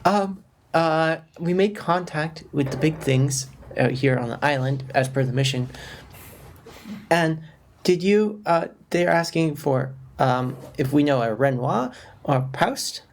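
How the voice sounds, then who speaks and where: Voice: mid-range voice, animated, takes it slowly, slight background noise. A player in a tabletop game, talking hesitantly with stammers. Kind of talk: casual tabletop play.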